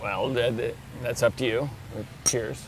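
A man interviewing a guest over beer, casual and halting as he stumbles through his questions. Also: mid-range voice, fairly even intonation, slight background noise, low-quality recording.

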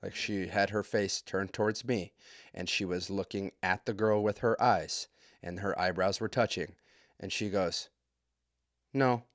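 A man's voice: low-pitched, steady tone, moderate pace, dry recording, clean studio sound. A man in his thirties hosting a podcast, telling stories in a loose, profane, self-mocking chat. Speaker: podcast host. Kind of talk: casual solo podcast monologue.

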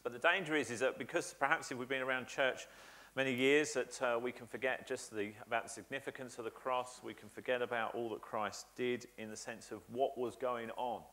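A man's voice: mid-range voice, fairly even intonation, a little fast, sharp tone. A man preaching a sermon in a church, earnest and emphatic, building his points by repetition with frequent "uh" fillers. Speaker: pastor.

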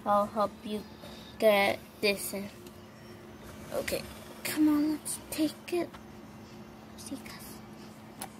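A woman narrating a toy doll shopping game in a chatty, halting way with plenty of fillers, on a noisy home recording. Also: medium pitch. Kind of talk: playful toy role-play narration.

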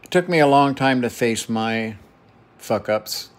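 A man's voice: mid-range voice, animated, measured pace. Profane, heated middle-aged man venting. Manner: heated, profane, repeats phrases for emphasis. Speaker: vlogger. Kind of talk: emotional personal monologue.

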